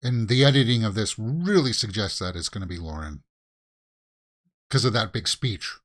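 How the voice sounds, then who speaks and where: A man's voice: fairly low pitch, expressive, moderate pace. A man hosting a watch-along reaction video, giving casual commentary that swings into exasperated rants with repeated questions.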